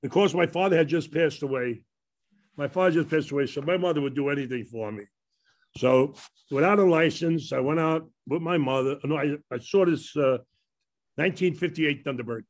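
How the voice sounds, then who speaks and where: An older former ballplayer with a Brooklyn accent sits on a panel telling casual, rambling stories about his past and laughing at his own tales. His voice is a little high, and he speaks at normal speed.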